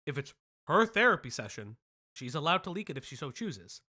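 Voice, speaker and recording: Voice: medium pitch, big pitch swings, brisk, sharp tone. A commentary stream host talking to chat over a played video, sarcastic and pointed, firing off rhetorical jabs. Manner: chewing while talking at times.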